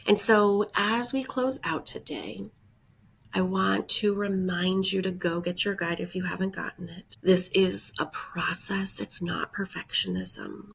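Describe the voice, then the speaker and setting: A podcast host, congested and breathing audibly from a head cold, speaks a little slowly with fairly even intonation. Her mid-range voice is creaky with a breathy edge, and she sighs heavily. The reflective self-help monologue is earnest and encouraging, sprinkled with "right?" and "like."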